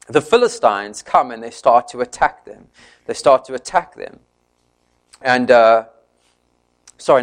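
A man preaching a sermon, retelling a story in an animated way and briefly voicing each character's lines. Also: medium pitch.

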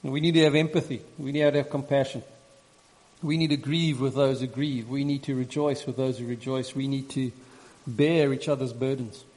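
A man preaching a sermon and reading scripture, earnest and measured, repeating phrases for emphasis. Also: mid-range voice, steady tone, a little mellow. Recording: long reverb in a large hall.

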